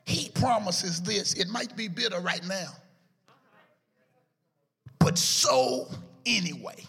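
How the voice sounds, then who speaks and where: Raspy, sing-song preacher with a high voice. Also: male voice, slow pace. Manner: chanting, sing-song preaching with shouted peaks. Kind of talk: sermon. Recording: echoey hall with music behind.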